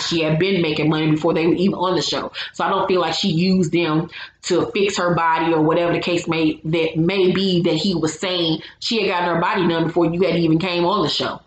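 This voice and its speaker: A woman giving a casual, blunt and opinionated recap of a reality show, with salty language. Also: on the low side. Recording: roomy echo, faint background hum.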